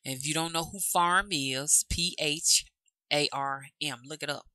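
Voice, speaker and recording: This Alabama host speaks to her channel's viewers in a Southern drawl, chatting and rambling casually to camera and calling them "y'all" and "love." Her voice is low and her pace measured, with noise in the background.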